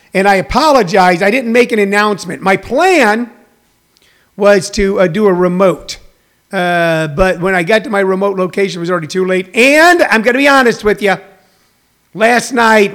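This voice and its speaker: A man's voice: high-pitched, a bit bright. A man hosting a casual livestream show, rambling in a chatty way to his viewers with many restarts and fillers. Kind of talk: casual chat to live viewers. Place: home in a hot desert region.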